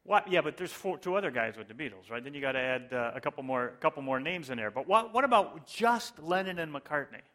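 A man's voice: on the high side, lively intonation, fairly quick, hardly any pauses, bright, forceful tone. A male pastor giving a conversational sermon with joking asides.

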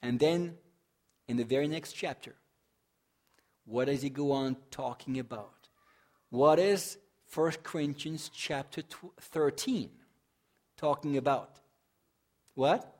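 A man preaching a sermon in a mid-range voice, chatty and personal, with plenty of rhetorical questions and light humor. When he reads scripture, he slows down and lets his volume rise and fall for drama. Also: medium pitch. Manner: dramatic scripture reading that swells loud and drops soft. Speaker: pastor.

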